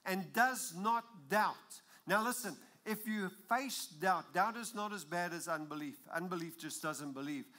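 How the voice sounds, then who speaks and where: A man preaching a sermon in a church, emphatic and building to loud exclamations. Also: high-pitched, animated, a little slow, hardly any pauses.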